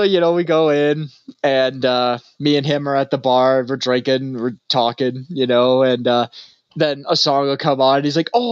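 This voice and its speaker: A man co-hosting a podcast, telling a rambling story in casual chat and laughing often, with a deadpan delivery when quoting himself. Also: mid-range voice, clean tone, dry recording, lo-fi sound. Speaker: podcast co-host.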